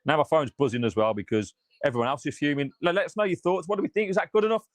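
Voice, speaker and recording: A man's voice: a little high, big pitch swings, very fast, no room sound. A man hosting a fan channel, reacting live after a match in a frustrated, sweary rant and reading out viewer comments.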